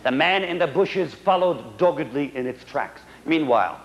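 A man telling a comic melodrama on stage in a theatrical, animated way, on a dull old recording. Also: fairly high pitch, moderate pace. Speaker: stage performer. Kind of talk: comic dramatic storytelling on stage.

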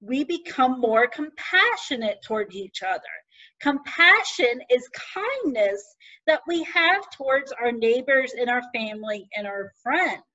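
Woman deacon, children's lesson, gentle and teacherly, high voice, dull lo-fi sound. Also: lively intonation, measured pace.

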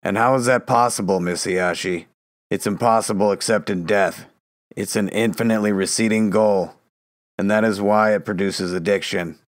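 A fanatical, smooth-talking psychiatrist, played by a man in an audio drama, lecturing in a low voice that swells into a rant. The sound is dry and close, with no room around it. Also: fairly even intonation, normal speed, no echo, lightly acted. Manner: lecturing, building to a ranting tirade.

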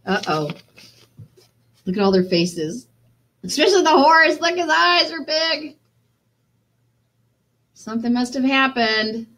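Woman teacher reading to kids: bright, animated, encouraging, question-asking. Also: high voice, slow, long pauses. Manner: chatty, encouraging, asks listeners questions. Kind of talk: reading a picture book aloud to children.

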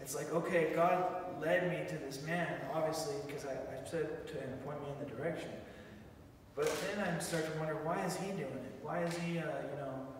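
A man giving an excited, animated church testimony, telling his story with many restarts. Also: fairly high pitch, normal speed, slight background noise. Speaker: testimony speaker. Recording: echoey hall, far mic.

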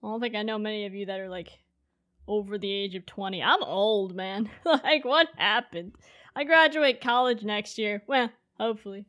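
A woman's voice: mid-range voice, normal speed, a bit bright. A woman of twenty-two, a streamer, talking casually to her future self in a loose, rambling way, laughing often and leaning on fillers. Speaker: streamer and content creator.

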